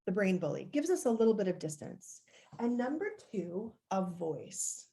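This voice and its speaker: A woman with a warm, medium-pitched voice gives a live-streamed coaching talk as a life coach. She's conversational and encouraging, walking viewers through steps and showing gestures as she goes.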